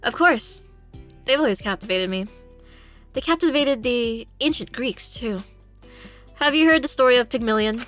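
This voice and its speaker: A woman's voice: on the high side, animated, moderate pace, long pauses, a bit bright, soft background music. A woman voicing an aloof young woman in a visual novel, a statue lover who talks in a cool, critical, lecturing way.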